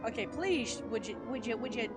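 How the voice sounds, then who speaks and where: A woman's voice: fairly high pitch, expressive, a little fast. A woman giving let's play commentary on a horror game, panicky, laughing and screaming, repeating pleas over and over. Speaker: gamer. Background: game music.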